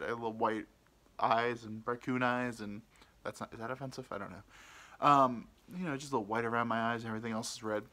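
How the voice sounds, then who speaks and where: A man's voice: medium pitch, fairly even intonation, fast talker, sharp tone. A young man hosting a podcast, telling a rambling, self-deprecating story in casual chat. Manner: rambling, self-deprecating, mimics people he quotes. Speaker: podcast host.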